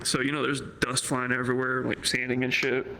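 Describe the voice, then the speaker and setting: A man's voice: medium pitch, fairly quick, gravelly, slight background noise, low-quality recording. A young adult man streaming live, telling a story in casual talk, swearing a lot and acting out the people he quotes. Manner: profane, animated, acts out the people he quotes.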